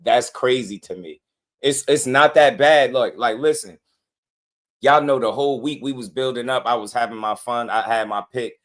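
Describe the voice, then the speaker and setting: A man hosting a casual boxing livestream, slangy and excitable, laughing often as he talks to his chat. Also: medium pitch, moderate pace.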